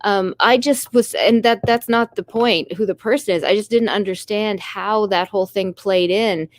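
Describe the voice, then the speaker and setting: A tired Canadian woman with a Canadian accent hosts a casual live stream, rambling and apologizing as she reads her chat. Her voice sits at a middling pitch. The sound is close and dry, with almost no room around it. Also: moderate pace, no echo.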